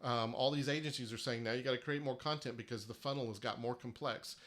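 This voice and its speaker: A man's voice: mid-range voice, fairly even intonation, fast talker, a bit bright. Emphatic, persuasive male livestream host. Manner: emphatic and persuasive, with frequent restarts. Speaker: host of a marketing workshop livestream. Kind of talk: live-streamed marketing talk.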